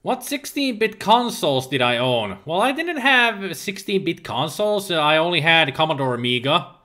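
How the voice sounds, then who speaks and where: Lively, bright-voiced Finnish streamer man. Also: on the high side, normal speed. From Finland. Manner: chatty, reads viewer chat aloud and answers it; laughs often, playful exclamations. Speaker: game streamer. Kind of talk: casual livestream chat while gaming.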